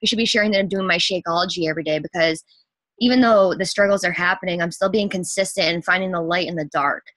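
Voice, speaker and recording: A young woman talks in a bright, forceful voice, gushing with excitement about her coaching team. She rushes through her sentences, breathless and full of fillers. The sound is dry and close. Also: on the low side, dry recording. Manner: gushing, rapid, breathless with enthusiasm. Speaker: fitness coach. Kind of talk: excited testimonial talk.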